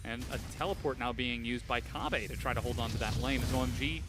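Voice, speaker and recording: A man calling live esports play-by-play, rapid and building to excited bursts on big plays. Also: mid-range voice, music in the background.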